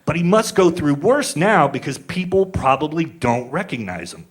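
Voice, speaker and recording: A man's voice: a little high, big pitch swings, normal speed, slightly rough. Laid-back man telling stand-up stories. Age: 40s. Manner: rambling, crude, laid-back storytelling with filler words. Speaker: stand-up comedian. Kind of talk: stand-up comedy storytelling.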